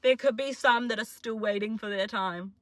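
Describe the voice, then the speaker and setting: A woman's voice: fairly high pitch, moderate pace, dry recording. A twenty-year-old woman with a New Zealand accent, talking in a chatty, self-mocking, jokey way in a casual confessional vlog. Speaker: vlogger.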